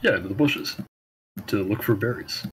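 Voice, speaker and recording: A man's voice: on the low side, normal speed. A man playing a tabletop game, chatting casually in a laid-back, wry way. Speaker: player.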